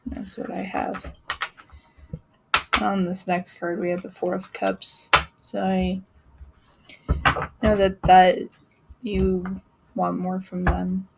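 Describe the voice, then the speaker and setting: A woman giving a live-stream tarot reading in a chatty way, laughing often and filling pauses with ums. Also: mid-range voice, little pitch movement, vocal fry, background noise. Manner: chatty, laughing, many fillers. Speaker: tarot reader.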